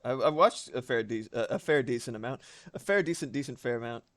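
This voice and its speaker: A man in the mid-range talks casually on a live stream as he draws, full of animation and free swearing. Quick asides pepper his chat.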